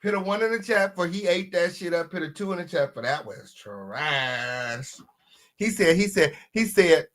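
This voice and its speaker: Here a commentary host takes on a diss track at a moderate pace. His sass and animation come through as he shifts from loud bursts to quiet muttering. He also prompts viewers to vote in the chat.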